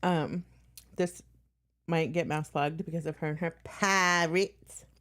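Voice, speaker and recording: A woman's voice: low voice, steady tone, slow pace, fairly bright tone. A woman streamer talking bluntly and profanely in a casual reaction stream.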